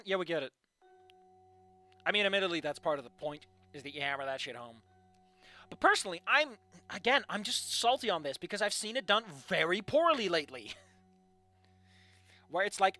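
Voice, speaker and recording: Bright, ranting male fiction critic. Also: high-pitched, big pitch swings, moderate pace, long pauses, no room sound, soft background music. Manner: ranting, sarcastic, profane. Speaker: fan fiction reader and critic. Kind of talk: casual commentary.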